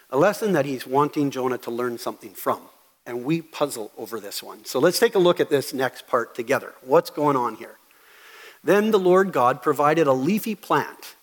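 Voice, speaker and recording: A pastor preaching a sermon, talking conversationally with asides and reading scripture aloud. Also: male voice, on the high side, long reverb tail. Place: church sanctuary.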